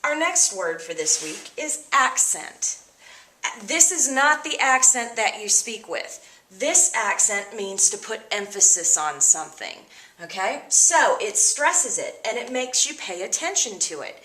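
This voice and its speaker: A woman teacher explaining vocabulary words to her students in an upbeat, expressive way. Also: a little high, unhurried, reverberant. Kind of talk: vocabulary lesson.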